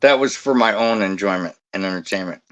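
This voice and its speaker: A man's voice: lowish voice, brisk, a bit bright. A man who used to guard a cemetery tells blunt, profane anecdotes in casual chat. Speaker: former cemetery security guard.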